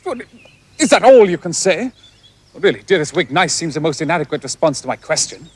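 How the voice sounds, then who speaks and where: A pompous, doting young writer in a 1970s period drama, full of fussy endearments. His voice sits a little high and swings widely in pitch. A faint hiss lies under the old television sound. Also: very animated, fairly quick.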